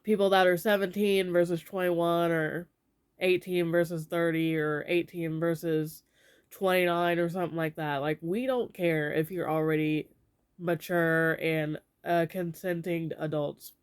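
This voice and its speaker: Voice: mid-range voice, steady tone, measured pace, clean tone. A young adult vlogger sharing opinions in a casual, rambling way, with lots of fillers.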